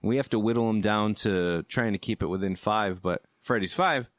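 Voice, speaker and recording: A man's voice: on the low side, normal speed, no room sound, clean studio sound. A young man co-hosting a gaming podcast, easygoing and rambling as he runs through the show's segments. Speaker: podcast co-host. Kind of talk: casual podcast chat.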